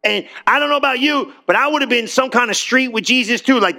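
A man preaching a sermon in a church, animated and conversational, with casual slang and questions thrown to the crowd. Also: very high voice, fast, gravelly, hardly any pauses. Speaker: pastor.

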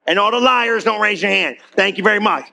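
A man preaching a sermon in a church, animated and conversational, with casual slang and questions thrown to the crowd. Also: sits high, fairly quick, creaky. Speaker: pastor.

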